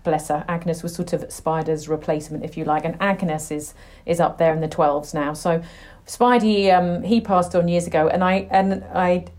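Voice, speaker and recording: A middle-aged woman chatting as a podcast guest, an animated storyteller. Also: lowish voice, normal speed. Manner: chatty, animated storyteller, acts out her dogs' voices. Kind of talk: casual chat.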